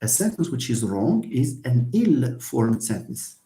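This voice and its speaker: A man's voice: medium pitch, sing-song, unhurried, mellow, roomy sound. A man lecturing on linguistics in an online question-and-answer session, explaining patiently and repeating points. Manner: explanatory, repeats himself, mixes in Arabic phrases. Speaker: university English lecturer.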